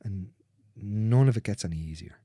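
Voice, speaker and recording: A man speaking as a guest in a candid conversation, earnest and repetitive, swearing freely and dropping into soft, near-whispered phrases. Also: on the low side, normal speed, breathy edge, dry recording, clean studio sound.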